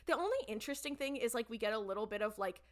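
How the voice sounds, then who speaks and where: A woman co-hosting a podcast talks in a slightly high voice, stringing thoughts together with constant "like" fillers. She sounds exasperated and casual as she picks apart what annoyed her. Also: lively intonation, very fast. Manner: filler-heavy, exasperated, full of "like". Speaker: podcast co-host. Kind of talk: casual chat.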